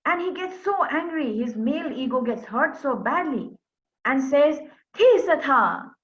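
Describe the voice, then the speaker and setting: A woman's voice: high voice, expressive, normal speed, muffled recording. A woman from Darjeeling, animatedly telling a folk tale online and speaking directly to her listeners. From Darjeeling, India. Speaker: storyteller.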